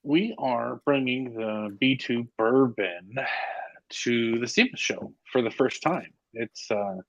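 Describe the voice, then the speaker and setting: Podcast guest, a man on a remote line; hesitant and halting, mid pitch, dull and dry sound. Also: fairly bright tone, no room sound. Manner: hesitant, many filler pauses. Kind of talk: casual podcast chat. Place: hotel room.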